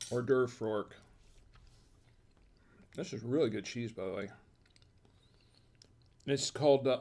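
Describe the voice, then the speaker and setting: A man hosting a home wine and cheese tasting, talking casually and thinking aloud with restarts and quiet asides. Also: mid-range voice, vocal fry. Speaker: host of a wine tasting show.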